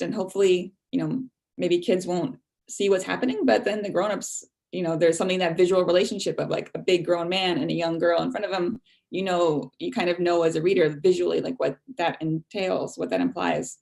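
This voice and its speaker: Gravelly-voiced woman panelist. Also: lowish voice, a little mellow. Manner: casual, fillers like "like" and "you know". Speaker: graphic novel author on a panel. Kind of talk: panel discussion.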